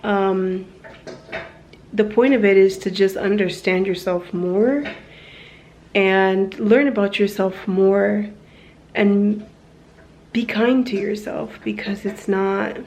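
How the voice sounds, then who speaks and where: A woman's voice: mid-range voice, steady tone, slow, long pauses, a little mellow. A young woman talking candidly to a phone camera at home in a personal vlog, frank and rambling, swearing casually as she goes. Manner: rambling with fillers and self-corrections. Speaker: vlogger.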